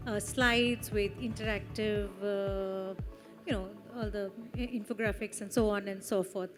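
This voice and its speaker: A woman with an Indian English accent giving a conference talk, conversational, with many fillers and tag questions. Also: a little high. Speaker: panel speaker. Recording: hall with long reverb and faint music.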